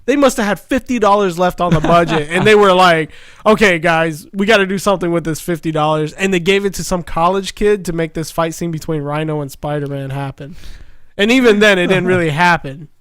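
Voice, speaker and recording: Brief: excitable male podcast co-host, high voice, dry close recording, jokey and loose. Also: a little fast, clean tone, no room sound. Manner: animated, jokey, swears and laughs often. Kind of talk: casual movie review chat.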